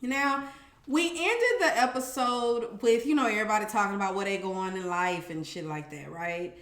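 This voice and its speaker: A woman casually recapping a reality show, animated and profane, with sassy commentary and acted-out quotes. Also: medium pitch, moderate pace, echoey room.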